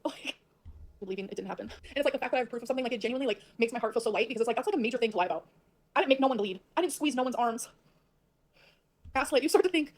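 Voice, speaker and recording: Fast-talking flustered woman on a livestream. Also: fairly high pitch, expressive. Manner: flustered, rambling, swears a lot. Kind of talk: rambling livestream talk to viewers.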